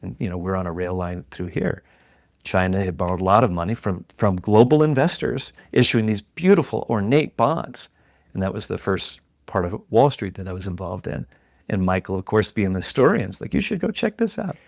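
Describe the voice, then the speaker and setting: Gravelly-voiced middle-aged man telling a story. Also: deep voice, brisk, no room sound, studio quality. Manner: animated storyteller who acts out quoted voices. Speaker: guest. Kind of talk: storytelling in a podcast interview.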